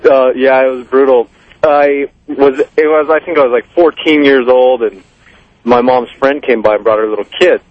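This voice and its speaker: A man's voice: medium pitch, fairly even intonation, normal speed, no room sound. Male caller on a dull lo-fi line. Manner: casual storytelling. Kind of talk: phoned-in anecdote.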